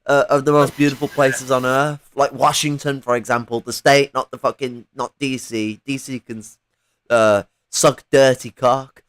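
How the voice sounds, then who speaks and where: A man talking through a casual political stream in a profane, rambling way, swearing freely and filling pauses with ums and uhs. His voice sits at an ordinary middle pitch. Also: little pitch movement, fairly bright tone, clean tone. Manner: profane, rambling, full of fillers. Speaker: livestream co-host.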